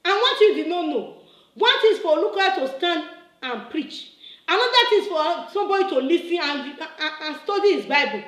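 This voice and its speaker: A woman's voice: very high voice, reverberant, low-quality recording. A woman, delivering an impassioned, scolding video reply that repeats its points and builds to emphatic bursts. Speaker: church member making a video reply. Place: her room, indoors.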